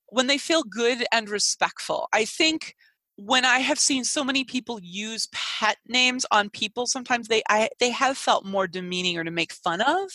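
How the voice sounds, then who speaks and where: A woman co-hosting a casual chat, her voice sitting a touch high and bright. She is animated and laughs easily, stopping and restarting her thoughts as she goes. The sound is dry and close. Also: no room sound, poor audio. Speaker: podcast co-host.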